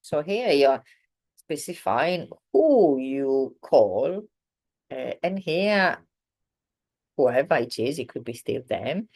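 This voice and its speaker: Low-voiced woman teaching language. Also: very animated, darkish tone, slightly rough. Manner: explains slowly with many fillers, acts out example sentences. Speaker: Italian teacher. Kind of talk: online language lesson.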